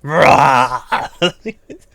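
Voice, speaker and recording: A man's voice: a little high, drawn-out words, gravelly, fairly bright tone, dry recording. A man streaming while he draws requests, chatting casually and rambling, often laughing and trailing off in thought. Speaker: streamer taking art requests. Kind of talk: casual live-stream chat while drawing.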